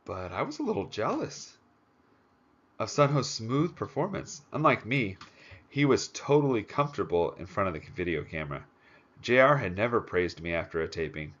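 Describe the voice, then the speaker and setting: A man narrating a first-person audiobook in a steady, plain storytelling manner. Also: low voice. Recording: dull lo-fi recording.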